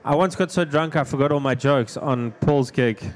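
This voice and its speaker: A man with a South African accent, a comedian chatting casually on a podcast with a dry, deadpan humour. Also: mid-range voice, normal speed. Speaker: comedian guest.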